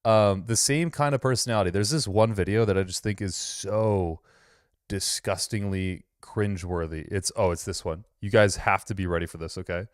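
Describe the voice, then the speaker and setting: A man hosts a loose reaction commentary, sarcastic and quick to laugh, with casual profanity. His voice sits on the low side. The sound is dry and close, with no room echo. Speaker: host reacting to videos.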